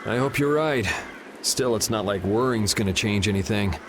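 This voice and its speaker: An actor playing a relaxed, dryly teasing young swordsman hero in a video game. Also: on the low side, moderate pace, noisy background, natural voice. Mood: calm. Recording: game audio over music. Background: game music.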